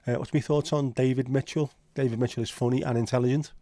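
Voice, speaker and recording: A man's voice: mid-range voice, steady tone, fast talker, mellow, dry recording. A man with a Liverpool accent hosting a casual livestream chat, rambling and opinionated with frequent swearing. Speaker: livestream host.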